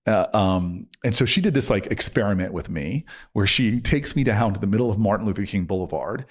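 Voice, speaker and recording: A middle-aged man, a guest on an interview show, telling a long personal story in an animated way and acting out what people said. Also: lowish voice, a little fast. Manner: animated, acts out quotes with laughs. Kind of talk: conversational storytelling.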